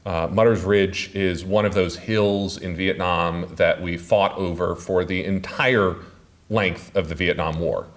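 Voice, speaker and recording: A man giving a public talk as an author, speaking haltingly with many filler sounds. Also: low voice, fairly even intonation. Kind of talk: public lecture.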